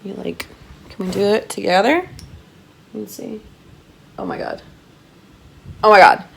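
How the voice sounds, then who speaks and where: A woman giving a chatty makeup tutorial, gushing and excitable as she talks to her viewers. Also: medium pitch, a little slow, gravelly, slight background noise. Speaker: makeup artist doing a tutorial.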